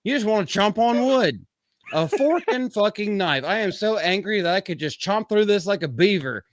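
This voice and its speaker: A man's voice: sits high, animated, normal speed, a little hiss or hum. A man hosting a live-stream commentary show, reading quotes aloud and interrupting them with a profane, mocking rant. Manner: reads quotes aloud and interrupts with sarcastic asides. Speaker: podcast host.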